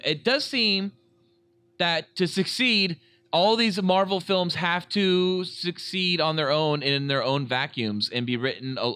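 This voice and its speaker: A man's voice: a little high, pushed and bright, no room sound. A man co-hosting a casual podcast, chatty and thinking aloud with frequent ums and uhs. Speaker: podcast co-host.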